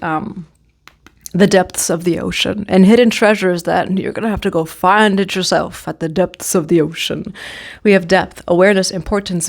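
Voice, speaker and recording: A woman giving a casual, affirming tarot reading, talking straight to the viewer and now and then singing a line of a song. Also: on the low side. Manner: chatty, affirming, sings snatches of songs. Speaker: tarot reader.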